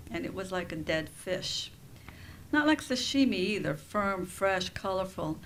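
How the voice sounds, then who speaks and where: A woman reading her own nonfiction aloud at a campus event, her voice at an ordinary middle pitch. She tells the story in an expressive, wry way. Faint ambient noise hangs in the background. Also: low-quality recording. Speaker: professor and author. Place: campus writing center event.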